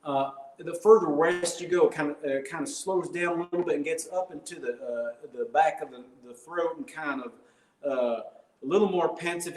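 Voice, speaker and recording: A man's voice: a little high, normal speed. A man doing rambling, hesitant stand-up comedy on a live stream, full of fillers and absurd bits. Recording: roomy echo.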